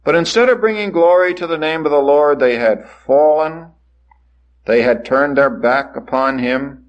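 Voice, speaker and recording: A man preaching a sermon, swinging from soaring lines to hushed ones and acting out the voices he quotes. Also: fairly high pitch, moderate pace, highs cut off. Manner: dramatic rises and hushed drops, acts out quoted voices.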